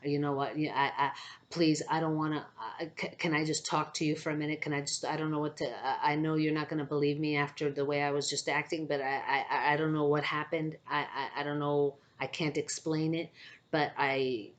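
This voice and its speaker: A woman's voice: low voice, little pitch movement, close to an everyday voice. A woman quoting a big, remorseful man who is crying and pouring out stammered apologies in a rush. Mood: pleading, rushed. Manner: rushed, stammering word flood.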